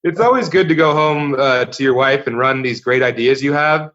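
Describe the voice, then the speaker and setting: A man chats as a guest comedian, telling stories in a dry, deadpan way. His tone is bright and sharp. The recording sounds slightly dull and lo-fi. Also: mid-range voice, normal speed. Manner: dry, wry storytelling with deadpan jokes. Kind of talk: casual chat.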